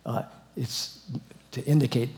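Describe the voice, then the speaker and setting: An older man giving an expository Bible lecture, scholarly and digressive, moving from hushed reading to loud emphatic exclamations. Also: medium pitch, fairly even intonation, measured pace. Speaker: Bible teacher.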